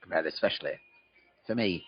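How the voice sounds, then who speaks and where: A man's voice: low-pitched, a little fast. A man hosting a podcast, delivering a profane, rambling comedic monologue in a mock-conspiratorial way. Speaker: podcast host. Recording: dull lo-fi with faint music.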